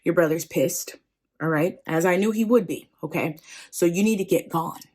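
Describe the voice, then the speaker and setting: A woman voicing a scheming mother giving brisk, urgent orders. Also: fairly low pitch, a little mellow, close to an everyday voice.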